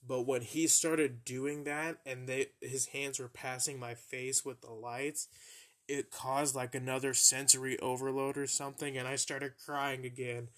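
Young man, podcast host, casual storytelling, profane, unhurried, mid-pitched. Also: a bit bright. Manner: profane, laughing at his own embarrassing stories.

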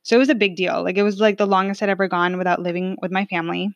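A woman's voice: fairly low pitch, steady tone, rapid-fire, creaky, no room sound, muffled recording. Chatty young woman telling a story. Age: 20s. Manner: chatty, many fillers like "like" and "um". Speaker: podcast host telling a personal story. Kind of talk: casual personal storytelling.

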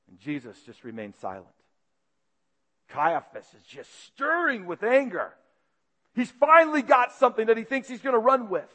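A man preaching, retelling a story vividly and swinging between loud and hushed passages. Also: sits high, very animated, moderate pace, big-room sound. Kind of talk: dramatic sermon storytelling.

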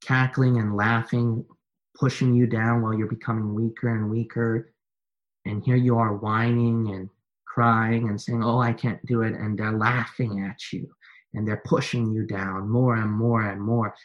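A man preaching a sermon to his church, repeating refrains and building from quiet, low lines to loud, high-pitched exhortation. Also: level tone, measured pace, muffled recording. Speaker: pastor.

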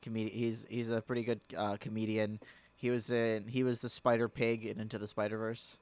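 A man's voice: fairly low pitch, little pitch movement, fairly quick, a little mellow, clear, resonant tone, no echo. A young man co-hosting a casual podcast, laid-back as he explains things plainly. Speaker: podcast co-host.

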